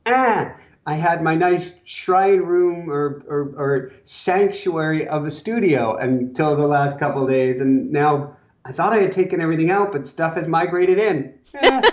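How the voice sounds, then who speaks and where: Brief: male guest, slightly high voice, relaxed and chuckly, muffled lo-fi recording. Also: unhurried. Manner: easygoing, chuckling often. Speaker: podcast guest. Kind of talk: casual chat. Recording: dull lo-fi audio.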